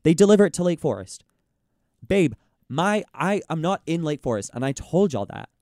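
A young man in casual chat, ranting in an exasperated, animated way and mimicking the people he quotes. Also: a little high, moderate pace, dry recording, studio quality. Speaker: podcast host.

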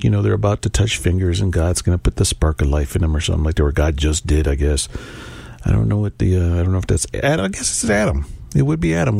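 Gravelly deep-voiced male radio host. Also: dark tone, no room sound. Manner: rambling, self-correcting, wry. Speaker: radio music show host. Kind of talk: casual radio chat between songs.

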